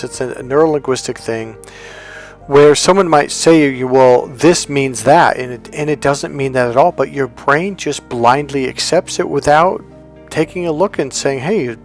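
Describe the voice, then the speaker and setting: A man, a self-help coach and hypnotherapist, talking casually to camera and telling a rambling story in which he acts out the lines of the people in it. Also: mid-range voice.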